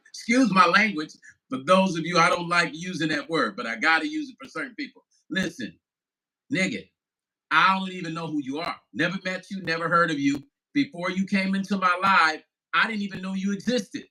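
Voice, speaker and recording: A man's voice: high-pitched, fairly quick, bright, forceful tone, rough recording. A man in his fifties, a musician vlogger, chatting casually on a livestream, laughing and swearing loosely as he talks to viewers. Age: 50s.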